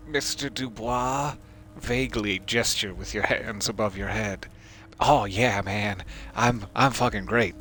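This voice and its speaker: A man's voice: on the low side, measured pace, fairly bright tone. A man streaming a game, joking and reading the hero's lines aloud, slipping into mock panic. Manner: jokey, reads dialogue aloud, swings into mock panic. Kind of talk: casual gameplay commentary.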